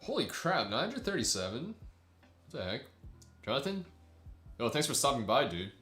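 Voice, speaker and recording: A man's voice: medium pitch, big pitch swings, moderate pace, sharp tone, echoey room, soft background music. A young man chatting casually with his livestream viewers, rambling and laughing often. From United States. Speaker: streamer.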